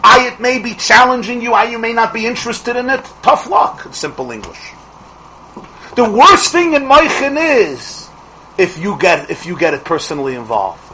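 Animated, forceful male rabbi teaching. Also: very high voice, a little hiss or hum, low-quality recording. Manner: animated, with rhetorical questions and quick restarts. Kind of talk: Torah class lecture.

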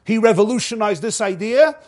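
Teaching a Torah class, this man speaks in a high-sitting, expressive voice. He rushes through the source text, translates it, and unpacks it slowly and emphatically, with the odd chuckle.

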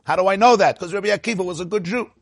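Man, high voice, lively Torah lecture, husky, dry close sound. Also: racing, no echo. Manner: animated storytelling, mixing Hebrew and Yiddish phrases with English explanation. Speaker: rabbi teaching.

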